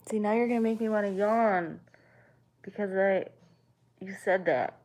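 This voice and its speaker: A woman's voice: mid-range voice, unhurried, a little mellow. A young woman streaming from home, chatting casually with her viewers, swearing freely and answering their comments. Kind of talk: casual chat.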